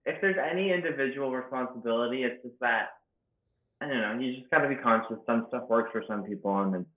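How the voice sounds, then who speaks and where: A man's voice: mid-range voice, fast talker. A man from Canada talks as a guest comedian, emphatic and ranting, with plenty of swearing. His voice comes through a tinny, phone-like line from an echoey room. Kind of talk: casual podcast chat.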